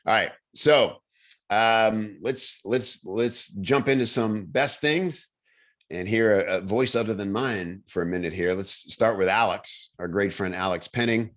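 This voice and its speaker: A man's voice: on the low side, unhurried, a bit bright. A man hosting a casual video-call chat, talking enthusiastically with lots of fillers and restarts. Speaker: host.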